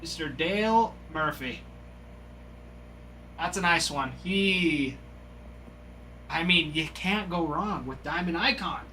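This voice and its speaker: A man hosting a live trading card break, giving excited, gushing commentary as he reveals each card. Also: fairly high pitch, slow, long pauses, a little hiss or hum.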